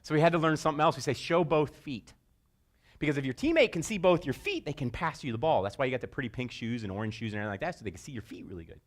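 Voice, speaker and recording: Lively man giving a coaching talk. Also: very fast, hardly any pauses. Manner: animated storyteller, jumps into high-pitched shouted voices for quotes. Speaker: speaker. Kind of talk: motivational talk to sports parents.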